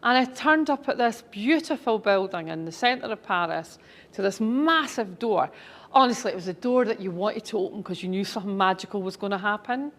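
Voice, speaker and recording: A woman's voice: medium pitch, animated, brisk. A middle-aged woman, a speaker and author, telling anecdotes to an audience in a chatty, enthusiastic way. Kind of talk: storytelling talk to an audience.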